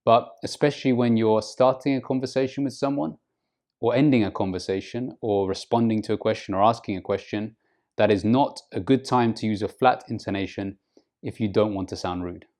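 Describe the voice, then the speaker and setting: A man giving an English lesson to camera, speaking slowly and deliberately and acting out example phrases with exaggerated rises and falls in pitch. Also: a little mellow. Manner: slow, deliberate teaching, models phrases with exaggerated intonation. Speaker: English teacher.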